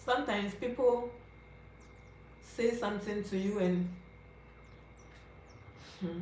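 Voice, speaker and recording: A woman's voice: medium pitch, slow, pauses often, a little mellow, a little hiss or hum. Ghanaian woman vlogging in an echoey room. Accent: Ghanaian English. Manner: confiding, chatty, checks in with viewers. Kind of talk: personal storytelling to camera. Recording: roomy echo, faint ambience.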